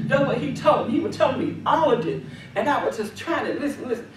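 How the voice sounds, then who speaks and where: A woman's voice: high voice, expressive, quick pace, distant mic, heavy background noise. Fervent woman preaching in an echoey hall. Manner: fervent, repetitive commanding cries. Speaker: deliverance minister. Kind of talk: testimony and deliverance prayer.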